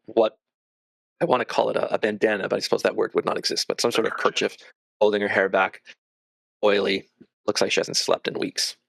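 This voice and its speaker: A man's voice: fairly low pitch, little pitch movement, brisk, gravelly, fairly bright tone, dry recording. A man narrating as game master of a tabletop game, loose and searching for his words.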